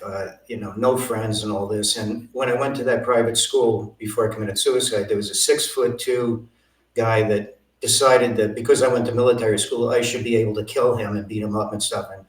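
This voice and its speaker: An older man recounts his past as an interview guest, slipping into the voices of the people in his story. His voice is mid-pitched. The sound is roomy, with the mic set some distance away. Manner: vivid storytelling, acts out quoted dialogue.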